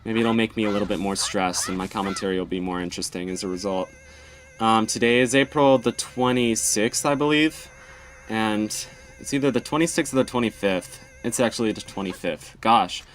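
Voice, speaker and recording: A man's voice: fairly low pitch, brisk. A young man hosting a let's play, rambling in casual gameplay commentary with plenty of ums and self-deprecating asides. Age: young adult.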